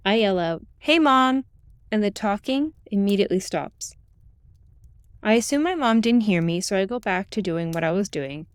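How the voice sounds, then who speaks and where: A woman's voice: mid-range voice, dry recording. Woman narrating a ghost story, dry close sound. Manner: calm first-person storytelling.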